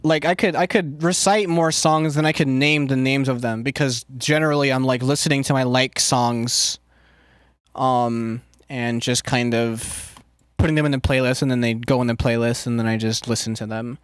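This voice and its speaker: A man's voice: medium pitch, steady tone, normal speed, clean tone, no room sound, studio quality. A man streaming casually and rambling to his chat, loose and profane, with lots of filler words. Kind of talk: casual chat, answering live chat.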